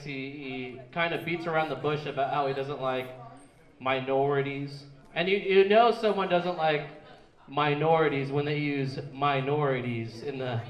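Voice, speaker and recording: A young man doing a stand-up comedy set in a small club, rambling and restarting his words as he goes. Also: fairly high pitch. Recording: echoey club room.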